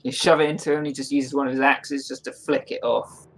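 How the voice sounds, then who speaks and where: A man's voice: medium pitch, little pitch movement, fairly quick, a bit bright, a little hiss or hum. A man acting as game master, casually narrating the action of a tabletop game between laughs.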